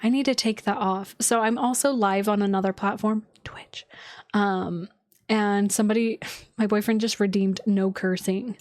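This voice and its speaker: A woman's voice: mid-range voice, fairly even intonation, normal speed, darkish tone, no echo, studio quality. A woman astrologer chatting casually on a livestream from home, loose and filler-heavy, with casual swearing.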